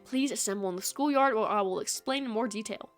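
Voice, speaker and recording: A woman's voice: on the high side, fast talker, faint music behind, close to an everyday voice. A woman reading a formal school head's speech to students in a put-on British accent. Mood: solemn.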